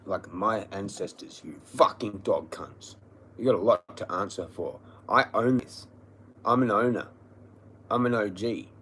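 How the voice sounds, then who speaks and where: A man's voice: fairly low pitch, measured pace, bright, forceful tone, slight background noise. A man ranting angrily and profanely on a livestream, repeating himself. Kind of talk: angry livestream rant.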